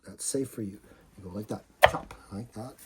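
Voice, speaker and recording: A man's voice: on the low side, moderate pace. An older man, a grandfather, patiently teaching a child to cook step by step and joking along the way in a home kitchen. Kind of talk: home cooking lesson. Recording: loud background noise, chopping.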